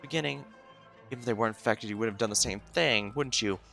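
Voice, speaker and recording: A man's voice: medium pitch, fast talker, gravelly, a bit bright, faint music behind. A man voicing a grim, brooding young woman. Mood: accusing. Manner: brooding, suspicious, then accusing. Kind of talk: voicing a game story aloud.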